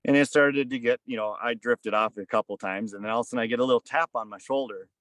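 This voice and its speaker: A man's voice: mid-range voice, fast talker, a bit bright, dry recording. A man in his thirties or forties, a podcast guest, telling a casual story in a rambling way full of "kinda" and "like.". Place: on a fishing boat.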